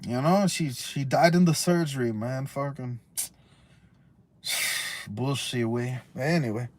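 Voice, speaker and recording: A man ranting on a livestream, rambling and cursing, dropping Spanish slang, swinging from loud outbursts to low mutters. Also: slow pace, a little hiss or hum. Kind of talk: casual rambling livestream rant.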